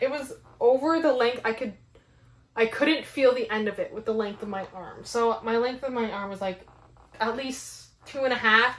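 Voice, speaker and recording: A young woman with a fairly high voice rambles through a story for her vlog. She is animated and leans on "like" constantly. The sound carries a roomy echo. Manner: rambling, many "like" fillers, animated. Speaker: fitness vlogger.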